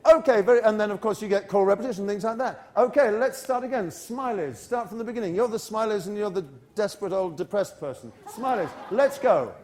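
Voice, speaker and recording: Animated British man coaxing a crowd. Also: high voice. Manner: animated, self-correcting, coaxing the audience with quick asides. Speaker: English-teaching expert leading a workshop. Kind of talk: lively workshop talk drilling a large audience. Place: university lecture hall with an audience.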